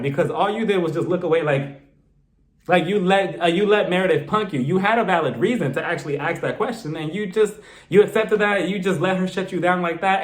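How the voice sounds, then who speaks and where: A man's voice: sits high, echoey room. A man giving a sassy, gossipy recap of a reality TV episode in a casual vlog. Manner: sassy, gossipy commentary with mocking quoted voices. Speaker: reality TV reviewer.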